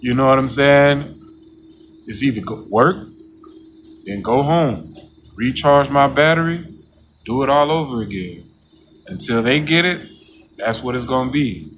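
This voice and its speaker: Man, casual monologue, preachy and repetitive, mid-pitched voice, faint background noise. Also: unhurried, pauses often, a bit bright. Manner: preachy, repeats "you know what I'm saying"; mocks coworkers in a high voice.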